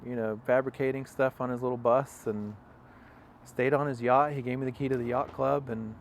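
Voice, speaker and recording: A man's voice: medium pitch, fairly even intonation, normal speed, gravelly, a little hiss or hum. A young man, an interview guest, telling a long personal story in a casual, rambling way with many fillers and acted-out quotes. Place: outdoors on a farm.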